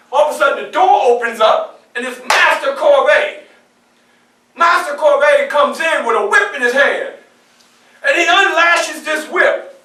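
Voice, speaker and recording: A man performing as Frederick Douglass, telling his story in the first person with animated, often shouted storytelling to a live audience. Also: very high-pitched, far from the mic, full character voice. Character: Frederick Douglass, a defiant young man escaping slavery. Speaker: historical portrayer. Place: public library event room. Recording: echoey room, mic from afar.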